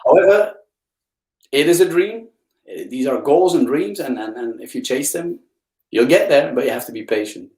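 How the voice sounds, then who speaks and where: A man's voice: animated, moderate pace, a little mellow, echoey room, low-quality recording. A man from Belgium, a guest speaker on a live video interview, telling stories with enthusiastic, swooping emphasis. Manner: enthusiastic storyteller, swings pitch up for emphasis. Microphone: video call.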